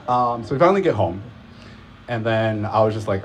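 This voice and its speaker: A man's voice: fairly low pitch, expressive, a little fast, a little hiss or hum. A man casually telling a rambling personal story at a live event, full of filler words and profanity.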